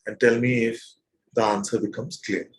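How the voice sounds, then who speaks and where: A man leading a satsang as spiritual teacher, probing his listeners with repeated questions in a gentle, playful way. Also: mid-range voice, level tone, moderate pace, low-quality recording. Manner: gentle and playful, with soft laughs. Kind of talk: satsang teaching to a live group.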